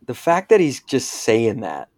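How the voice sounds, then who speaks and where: A man's voice: mid-range voice, huge pitch swings, a little slow, a little mellow, no echo. Joking man, dry close sound. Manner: joking, laughs easily. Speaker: podcast co-host. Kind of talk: casual chat.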